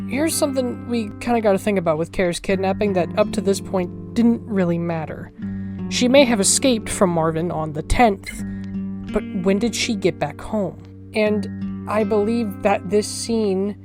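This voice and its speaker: A woman narrating a game commentary, thinking aloud, emotional and swearing freely. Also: medium pitch. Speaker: video essayist. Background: faint music.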